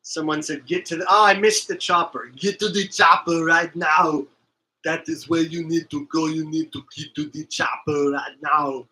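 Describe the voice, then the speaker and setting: A bright, forceful voice booms out slow, emphatic declarations. It belongs to an older action-movie muscleman, as a man puts him on in a comic impression, with the pitch pushed a little high. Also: fairly even intonation, poor audio. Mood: mock-serious. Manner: slow, emphatic, repetitive pronouncements.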